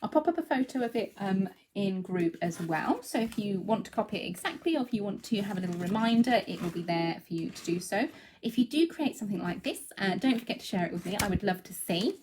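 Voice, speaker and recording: A woman's voice: mid-range voice, expressive, quick pace, noisy background. A young woman giving a live craft demonstration, chatty and explaining as she works. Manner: chatty, breaks off to coo at her cat.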